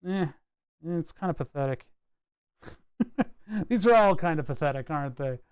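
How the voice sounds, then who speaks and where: A man with a slightly higher-than-average voice talks loosely to his live-stream viewers while he works at a home workbench. His tone is relaxed and self-deprecating, and he chuckles often. He speaks into a wired desk microphone. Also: measured pace, clean tone. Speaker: streamer building electronics projects live. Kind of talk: casual live-stream chat while tinkering.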